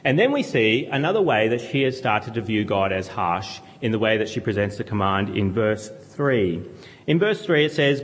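A man's voice: medium pitch, very animated, normal speed. A man preaching a sermon, teaching earnestly and asking his listeners questions as he goes. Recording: long hall reverb.

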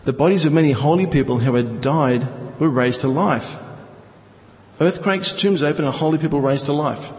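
In this Bible teaching sermon, a man reads scripture and unpacks it with rhetorical questions. He speaks at a moderate pace with a fairly high, darkish-toned voice, and the poor audio carries a long reverb tail.

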